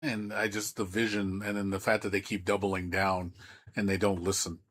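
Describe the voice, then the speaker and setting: A man's voice: low-pitched, level tone, normal speed, fairly bright tone, a little hiss or hum. A man streaming games, ranting in a heated, profane way with lots of stammering restarts. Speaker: game streamer. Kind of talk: live-stream rant.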